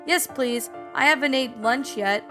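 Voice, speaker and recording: A gentle eight-year-old girl speaks politely in this story reading, voiced by a woman. The pitch is a bit high, and soft music plays underneath. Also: measured pace.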